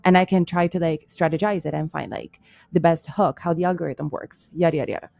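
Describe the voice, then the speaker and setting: A woman's voice: low voice, fast, creaky, a little mellow, no echo, clean studio sound. Italian-born woman with a Canadian lilt. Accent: Canadian English. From Italy. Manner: candid, uses many "like" fillers. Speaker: podcast guest, marketer. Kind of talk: casual chat.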